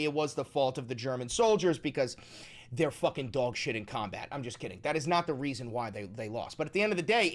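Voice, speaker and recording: A man hosting a reaction video, chatting casually in an animated, joking, profane way. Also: a little high. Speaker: host.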